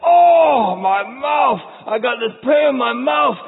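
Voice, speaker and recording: A man voicing a whiny dental patient in tooth pain, with loud, exaggerated groaning and gushing. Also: very high-pitched, expressive, slow, creaky, breathy edge, voice pushed up, full character voice. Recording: phone-like sound in echoey hall.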